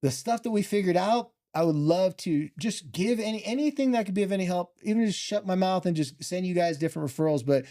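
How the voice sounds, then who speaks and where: Animated man with a mellow voice. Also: sits high. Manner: animated, heartfelt, fast bursts. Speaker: guest, former football player. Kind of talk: emotional storytelling.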